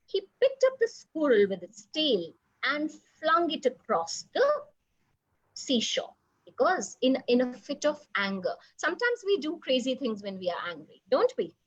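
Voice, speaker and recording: A woman storyteller telling a children's story, animated and asking the children questions. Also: high-pitched, breathy edge, lo-fi sound.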